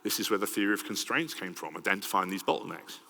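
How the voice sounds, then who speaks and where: A middle-aged man with a Welsh accent speaks in a slightly low voice as he presents a conference talk. He keeps it conversational and lively, tossing in "right?" as he goes. The sound carries the long reverb of a large hall. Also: fast, vocal fry.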